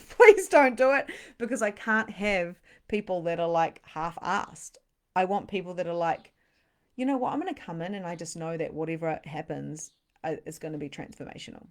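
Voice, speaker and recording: A woman spiritual coach hosting a livestream, chatty and bubbly, reading comments and pitching her program, sometimes dropping to a hushed near-whisper. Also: expressive. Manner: bubbly, chatty, reads comments aloud, quick laughs. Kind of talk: live-streamed sales pitch and chat.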